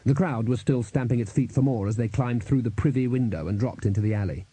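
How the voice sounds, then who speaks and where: A man narrating an audiobook in a dry, measured storytelling manner. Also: medium pitch, mellow, husky, dry recording, low-quality recording.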